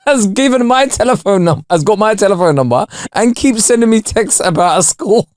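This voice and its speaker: A man's voice: high voice, lively intonation, fairly quick, darkish tone, no room sound, studio quality. A young man co-hosting a podcast, chatting casually, telling loose stories and laughing often. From England. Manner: laughs often, loose storytelling with quoted voices. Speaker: podcast co-host. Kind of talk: casual chat.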